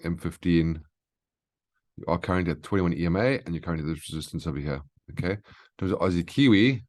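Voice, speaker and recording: A man's voice: deep voice, quick pace. A man hosting a daily market brief, walking through price charts in a casual, instructive way and often checking in with "okay?". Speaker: market analyst host. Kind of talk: live trading chart walkthrough.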